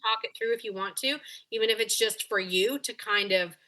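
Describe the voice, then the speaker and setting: A woman's voice: a little high, normal speed, sharp tone. A woman dog behavior coach on a coaching call, talking animatedly and acting out the voices of dogs and owners.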